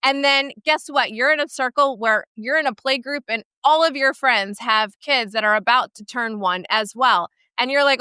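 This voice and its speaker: A woman co-hosting a podcast, talking in an animated, emphatic way and often checking in with "right?". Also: fairly high pitch, normal speed, hardly any pauses, clean tone, no echo, studio quality. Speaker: podcast co-host and portrait studio owner. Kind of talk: casual podcast discussion.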